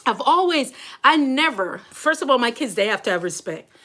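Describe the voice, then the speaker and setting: A woman's voice: high voice, normal speed. Chatty Caribbean woman on a livestream. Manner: chatty and animated, laughs often, talks to viewers. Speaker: nurse and life coach, livestream host. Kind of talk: casual livestream chat.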